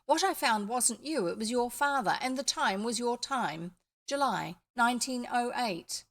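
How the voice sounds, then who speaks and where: A woman's voice: a little high, expressive, a little slow. A woman voicing a bold, scornful boy from an earlier century. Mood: urgent. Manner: confident, scornful.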